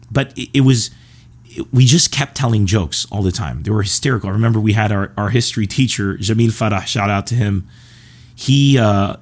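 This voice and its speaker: A comedian from Lebanon telling rambling, animated stories about his school days. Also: lowish voice. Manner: rambling and animated, with quick asides. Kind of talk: casual storytelling.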